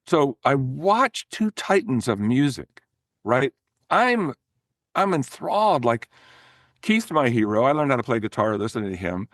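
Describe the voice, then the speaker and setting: An older man, a former record promoter, telling animated, profane stories as a podcast guest, often restarting his sentences. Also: mid-range voice, measured pace, no echo, studio quality. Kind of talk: casual storytelling in a podcast interview.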